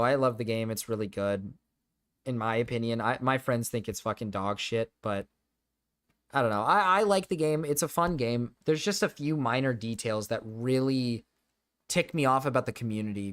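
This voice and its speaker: A man's voice: medium pitch, moderate pace, fairly bright tone. A young man streaming, chatting casually to his viewers, rambling and swearing with frequent restarts.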